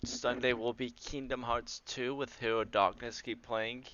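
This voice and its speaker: A man's voice: mid-range voice, fairly even intonation, a little slow, fairly bright tone. A man stream host announcing the schedule in a matter-of-fact way. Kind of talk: casual stream wrap-up. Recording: muffled lo-fi mic.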